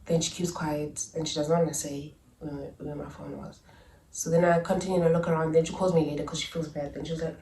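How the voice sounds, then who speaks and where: A young South African woman telling a story in a chatty, animated vlog style, with asides and laughs. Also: low-pitched, fast talker, recorded from a distance, slight background noise. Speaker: YouTuber. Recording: echoey room, a little off-mic.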